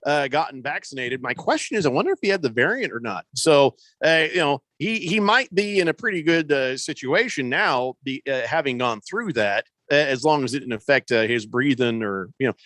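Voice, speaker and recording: A man's voice: medium pitch, expressive, fairly quick, few pauses, fairly bright tone, no room sound. A man hosting a sports radio show in casual, rambling talk full of fillers and teasing asides.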